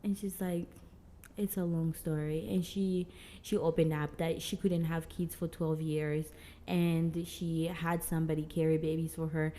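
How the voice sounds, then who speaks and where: A woman's voice: sits low, normal speed. A young woman from Mozambique, a guest telling stories in a casual interview, acting out the dialogue with many fillers. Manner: animated, acts out quoted dialogue, frequent "like".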